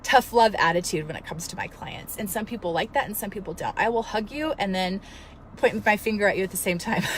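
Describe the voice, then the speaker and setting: A woman in her thirties, a fitness coach, telling a story in an earnest, emotional, animated way and giving motivational advice. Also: medium pitch, brisk, slight background noise. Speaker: fitness coach and studio owner. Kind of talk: casual motivational vlog.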